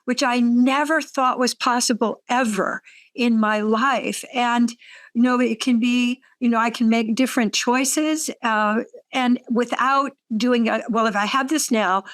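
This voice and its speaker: A woman hosting a reflective conversation, speaking thoughtfully and giving soft affirmations. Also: on the high side, fairly even intonation, a little slow, dry recording.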